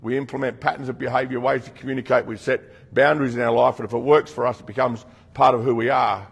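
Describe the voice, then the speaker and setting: Gravelly Australian man in an echoing hall. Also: mid-range voice, steady tone, fast talker. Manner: blunt, earnest storytelling with slang. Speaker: rehab program leader. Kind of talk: talk to a group. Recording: long reverb from a hall.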